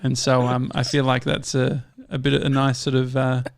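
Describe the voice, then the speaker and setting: A man's voice: medium pitch, monotone, normal speed, vocal fry, no echo. An Australian man co-hosting a podcast, telling rambling stories in casual chat with plenty of fillers. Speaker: podcast co-host.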